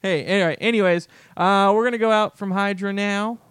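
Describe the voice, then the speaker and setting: Deadpan young guy on a radio show. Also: high voice, a little fast, clean tone, no room sound, studio quality. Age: young adult. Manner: playful, deadpan prankster. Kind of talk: casual chat, prank call.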